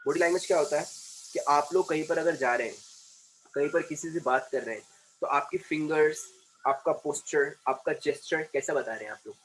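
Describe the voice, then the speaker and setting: A man's voice: fairly high pitch, slight background noise. A man teaching a grammar lesson in a classroom, repeating words and stretching out syllables, switching into Hindi. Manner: repetitive, drawn-out spelling of syllables, mixes in Hindi. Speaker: communication trainer.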